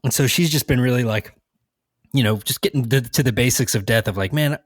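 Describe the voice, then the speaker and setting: A man's voice: mid-range voice, fairly quick, no echo, clean studio sound. A man hosting a podcast in casual chat, rambling with many restarts and fillers. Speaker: podcast host.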